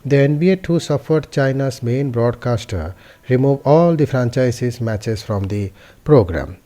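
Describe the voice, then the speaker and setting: A man narrating a scripted news explainer in a measured reading voice, with occasional slips and restarts. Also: mid-range voice, lively intonation, warm tone.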